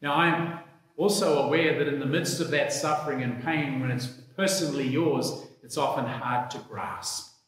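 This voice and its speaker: A man, a priest, reading the gospel and preaching a sermon in a slow, measured, reflective way. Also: medium pitch, a bit bright. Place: church. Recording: echoey church hall.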